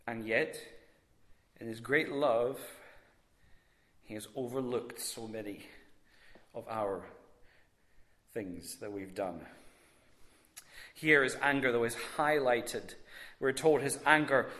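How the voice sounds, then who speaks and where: Male preacher, deliberate and emphatic, bright voice, echoey room. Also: medium pitch. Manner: measured, emphatic with long pauses. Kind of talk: sermon.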